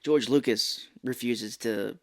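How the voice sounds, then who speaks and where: A man co-hosting a film podcast, chiming in with short reactions and relaxed side stories. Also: mid-range voice, slow pace. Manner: laid-back, short reactions and side anecdotes. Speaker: podcast co-host. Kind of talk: casual chat.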